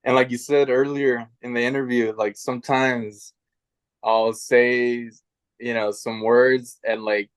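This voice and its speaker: A man hosting a podcast interview, talking in a relaxed, hesitant way with slang. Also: medium pitch, unhurried, clear, resonant tone, no room sound. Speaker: podcast host. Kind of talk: casual interview chat.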